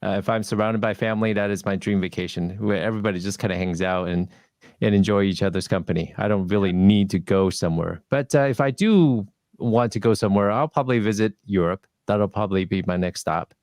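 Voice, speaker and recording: An easygoing man on a casual panel chat with a low voice. He sometimes restarts his words. The sound is dry and close. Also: fast, darkish tone, no echo.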